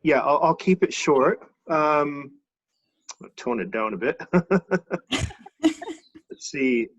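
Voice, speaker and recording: A man telling a personal story in a relaxed, chuckling way, heard over a muffled video call. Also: on the high side, slow pace, a little hiss or hum. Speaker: guest author. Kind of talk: casual storytelling.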